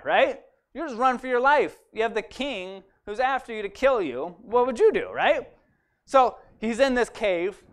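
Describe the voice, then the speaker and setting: Guy at church telling a bible story, pretty high voice, super casual, lots of "right?". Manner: chatty, animated, asks "right?" often. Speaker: church speaker.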